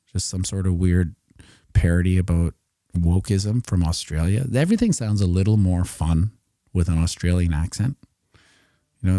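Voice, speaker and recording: A man's voice: low voice, mellow, no room sound, clean studio sound. A middle-aged man giving casual, rambling live commentary on market charts, joking and muttering asides to himself as he works. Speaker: crypto streamer.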